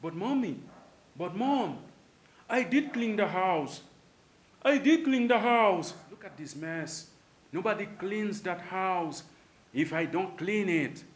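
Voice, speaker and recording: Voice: medium pitch, expressive, takes it slowly, reverberant, pitched above the performer's own voice. A man voicing a child who insists to his mother that he did clean the house. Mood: insistent. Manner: insistent, pleading protest.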